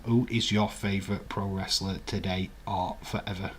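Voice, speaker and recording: Husky, lowish man chatting. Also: flat delivery, normal speed, few pauses, a bit bright. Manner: chatty, rambling, reads out viewer comments and laughs often. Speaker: livestream host. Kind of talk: casual live watch-along chat.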